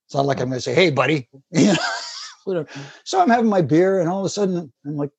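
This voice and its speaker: A man's voice: high voice, lively intonation, rapid-fire, gravelly, a little mellow, breathy edge, dry recording. A man, a former wrestling referee, telling casual stories with restarts and laughter. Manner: rambling anecdotes with restarts and laughter. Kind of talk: casual storytelling.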